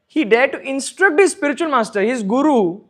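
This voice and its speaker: High-voiced man teaching scripture. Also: animated, a little fast, fairly bright tone. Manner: emphatic, repeating points, asks listeners "right?". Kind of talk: devotional scripture class. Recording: echoey room.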